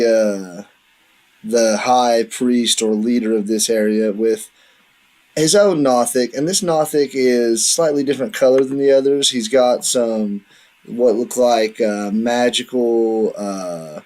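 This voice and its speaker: Halting male dungeon master narrating. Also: mid-range voice, a little mellow. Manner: descriptive, halting with fillers. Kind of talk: narrating a tabletop game. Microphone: online voice chat.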